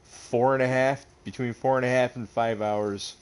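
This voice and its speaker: A man's voice: medium pitch, steady tone, normal speed, clean tone. A man from upstate New York hosting a casual gaming livestream, joking with his friends and greeting viewers. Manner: joking, laughing, talks to viewers. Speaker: livestream host.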